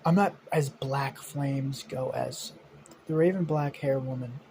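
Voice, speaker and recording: A man's voice: mid-range voice, fairly even intonation, slow, creaky, dark tone, a little hiss or hum. A young man improvising a fan story as narrator, rambling and cursing casually with frequent restarts. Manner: rambling, profane, restarts often. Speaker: channel host narrating.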